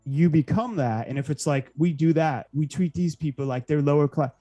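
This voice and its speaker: Mellow-voiced man over faint music. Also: fairly high pitch, moderate pace, low-quality recording. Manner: agreeable, stammering restarts, dry jokes. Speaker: co-host. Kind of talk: casual podcast chat.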